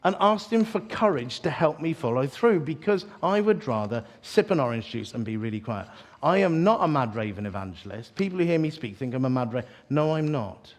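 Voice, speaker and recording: A man's voice: mid-range voice, lively intonation, a little fast. A man preaches at an evening church gathering. He tells his sermon as a string of stories, chatty and self-deprecating, tripping over his words and restarting often. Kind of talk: storytelling sermon.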